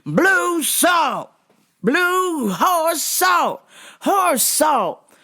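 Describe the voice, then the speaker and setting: A woman voicing a loud, mumbling male customer who keeps shouting the same demand over and over. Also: very high voice, very animated, extremely slow, pitched above the performer's own voice, exaggerated voice. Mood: yelling. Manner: shouting, repetitive.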